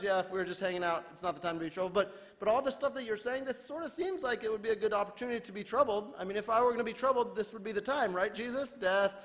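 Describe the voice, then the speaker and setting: A male pastor preaching a sermon in a relaxed, conversational way, retelling scripture in everyday modern speech. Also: high-pitched, quick pace, few pauses. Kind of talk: casual sermon. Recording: reverberant church hall.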